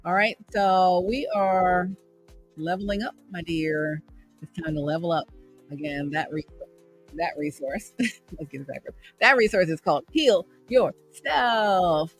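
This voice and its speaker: Gravelly-voiced upbeat woman livestream host. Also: fairly low pitch, a little slow, faint music behind. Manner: upbeat, repetitive, preachy encouragement. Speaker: host and radio traffic reporter. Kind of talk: motivational livestream talk. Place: home room in the evening.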